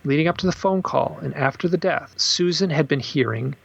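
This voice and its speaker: This author, a gravelly, husky-voiced man, tells lively stories as a podcast interview guest, quickly and briskly. He acts out quotes with sudden high-pitched bursts, and the sound is lo-fi.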